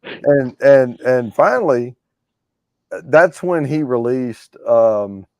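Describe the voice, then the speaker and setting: A man's voice: mid-range voice, animated, slow pace, no echo, muffled recording. A man hosting a giveaway show, chatting casually about classic rock, rambling with frequent restarts. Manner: rambling, restarts often, storytelling.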